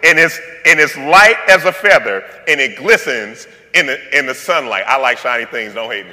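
A man's voice: medium pitch, expressive, normal speed, pushed and bright, big-room sound. A male pastor preaching a sermon in a playful, conversational way, with slang and joking asides.

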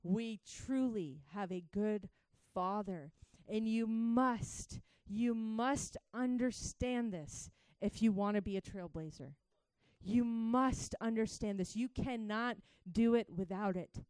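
A woman preaching a sermon, swinging from hushed to joyfully shouting and talking straight to her listeners. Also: a little high, slow pace, smooth, dry recording. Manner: laughs between points, speaks to listeners as guys.

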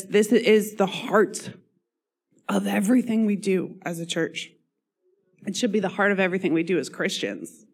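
Woman preacher, hoarse voice going, earnest sermon delivery, coughs between phrases. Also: mid-range voice, moderate pace, long pauses. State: hoarse, losing her voice.

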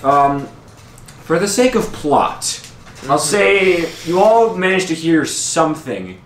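A man's voice: on the high side, sing-song, slow pace, echoey room, slight background noise. A young man narrating a tabletop game as game master, hesitant with frequent ums and restarts.

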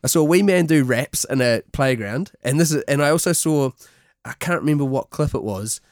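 A New Zealand man hosting a podcast, telling animated, sweary stories in casual chat. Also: mid-range voice, fairly quick, no echo, clean studio sound. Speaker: podcast host.

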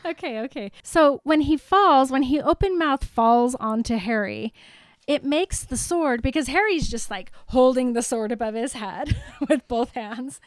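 A woman's voice: high-pitched, a little slow, no room sound. A young woman, retelling a story as a podcast co-host in a giggly, playful way. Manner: giggly, playful, animated retelling with silly voices. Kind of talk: casual chat.

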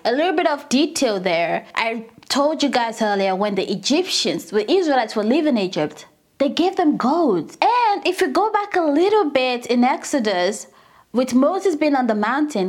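A woman leading a casual Bible study, retelling scripture with animated, indignant asides. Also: high voice.

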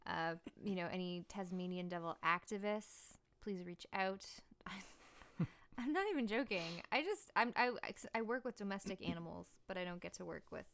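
A woman's voice: fairly low pitch, fairly bright tone, clear, resonant tone. A young woman hosting a podcast, telling stories in a playful, rambling, giggly way. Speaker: podcast host and musician. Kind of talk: casual chat.

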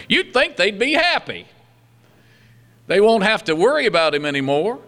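A man preaching a sermon, reading scripture aloud and adding humorous asides. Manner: animated preaching with wide swings in pitch and loudness. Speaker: pastor.

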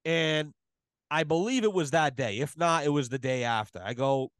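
A man's voice: on the high side, moderate pace, smooth, no echo. A man telling stories in a casual podcast chat, profane and emphatic. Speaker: podcast guest, plumber.

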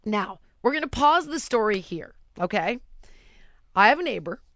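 Animated bright-voiced woman telling a story. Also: mid-range voice, moderate pace, no echo, highs cut off. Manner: animated and exasperated, acting out sounds and voices. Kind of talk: storytelling in casual chat.

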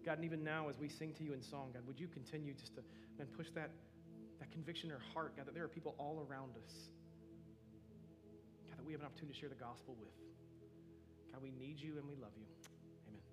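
A man's voice: medium pitch, fairly even intonation, fast talker, long pauses, music in the background. A man in his thirties preaching a sermon as pastor, earnest and storytelling, often saying "man".

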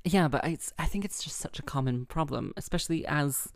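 A woman hosting a casual solo podcast, chatty and self-mocking, rambling with lots of fillers and a heavy vocal fry. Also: low voice, a little fast, dry recording, studio quality. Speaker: harpist and podcast host.

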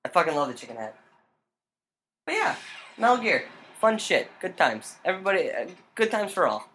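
A man co-hosting a casual gaming podcast, teasing his friend, swearing often and breaking into loud laughter. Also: sits high, big pitch swings, moderate pace. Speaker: podcast co-host. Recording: echoey room, faint noise.

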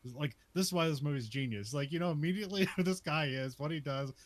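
A man's voice: fairly high pitch, fast talker. A man casually recapping a western movie scene by scene, laughing often and filling his talk with "like". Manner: laughs often, many "like" fillers.

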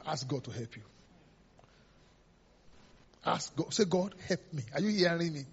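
A man's voice: a little high, expressive, measured pace, creaky. A man preaching a sermon as pastor, emphatic and repetitive, sometimes laughing and acting out voices. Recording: dull lo-fi sermon recording.

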